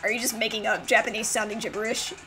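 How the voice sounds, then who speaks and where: A woman's voice: fairly high pitch, fairly even intonation, quick pace, loud music behind the voice. Laid-back young woman playing a game. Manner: laid-back, mildly self-deprecating. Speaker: let's play host. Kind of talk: casual game commentary.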